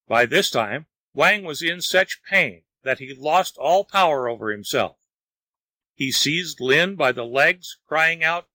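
A man narrating a folk tale aloud in a measured storytelling manner. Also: mid-range voice, animated, sharp tone, dry recording, rough recording.

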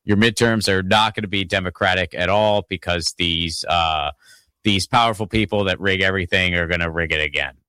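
Brisk and forceful, a low-pitched man from Pittsburgh, Pennsylvania runs a laid-back political podcast with a bright, clean tone. He swears, rambles, and keeps restarting his sentences and tossing in asides. There's no echo, and the sound is studio-clean.

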